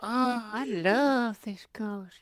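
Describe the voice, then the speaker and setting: A woman's voice: on the high side, extremely slow, a crowd in the background. A woman putting on a swooning, dreamy diva voice. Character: breathy dreamy woman craving hot dogs.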